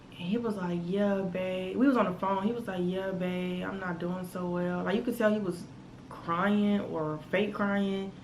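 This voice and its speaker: A young woman tells a story straight into her phone camera, chatty and animated. Her voice sits at a medium height and rings a bit in an echoey room, with a faint hum behind her. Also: medium pitch. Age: 20s. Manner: animated, chatty, full of asides. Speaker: vlogger. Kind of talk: casual storytime.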